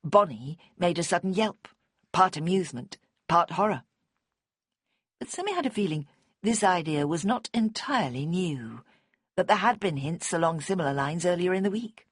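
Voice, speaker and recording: A woman narrating an audiobook in a calm, measured way on a close studio mic. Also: lowish voice, husky, no echo. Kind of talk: scripted narration.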